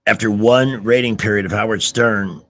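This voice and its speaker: A middle-aged man hosting a radio talk show, telling stories in an animated, emphatic way with restarts. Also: lowish voice, moderate pace. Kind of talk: casual talk radio chat.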